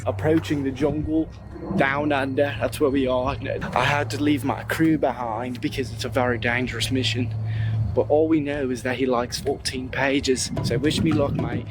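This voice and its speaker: A man's voice: medium pitch, fairly even intonation, normal speed, music in the background, lightly acted. Man doing a put-on Aussie snake hunter. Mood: excited. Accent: put-on Australian. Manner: exaggerated slang-heavy whispers and exclamations. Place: outdoors.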